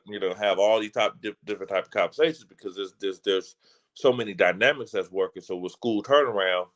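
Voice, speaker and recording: A man talks as a motivational speaker with a preacher's fervor. His delivery is casual and slangy, full of restarts and doubled words, and it carries an emphatic drive from start to finish. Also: medium pitch. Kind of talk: passionate livestream talk.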